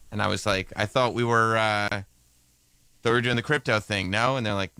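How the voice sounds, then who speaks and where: A low-pitched man with a bright, forward tone co-hosts a radio talk show, teasing his partner with wry jokes. His voice is close and dry, with almost no room sound. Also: fairly quick, smooth, no echo. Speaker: co-host. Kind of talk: casual radio banter.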